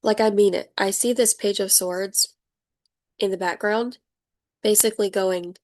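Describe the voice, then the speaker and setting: A young woman giving a casual tarot reading, chatty and animated, laughing often and acting out the people she describes. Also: mid-range voice, a little slow. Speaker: tarot reader.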